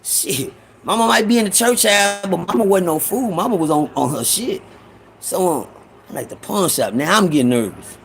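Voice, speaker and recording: A man's voice: high-pitched, animated, moderate pace, a bit bright, slight background noise. A man telling a rambling, profane story from his own life in a casual way, with many restarts. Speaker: storyteller host.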